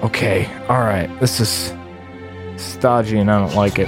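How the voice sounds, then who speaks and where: Profane, excitable male gamer. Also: on the low side, unhurried, music in the background. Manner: excitable, swearing freely, frustrated outbursts. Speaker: gamer playing a video game. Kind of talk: let's play commentary.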